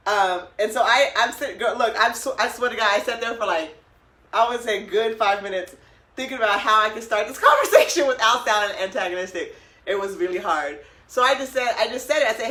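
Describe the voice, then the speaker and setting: A woman co-hosting a podcast, with a bright, slightly high voice in an echoey room. She tells a story to her listeners in a casual, animated way, acting out each person's lines and laughing often. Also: brisk. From Oregon, USA. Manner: animated, laughing, acts out both sides of the talk. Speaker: podcast co-host.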